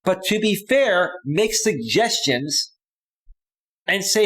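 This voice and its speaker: A man's voice: sits high, sing-song, takes it slowly, a bit bright. Emphatic male dating coach on a live stream. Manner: emphatic, repeats "right?" often. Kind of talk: live stream commentary reading chat.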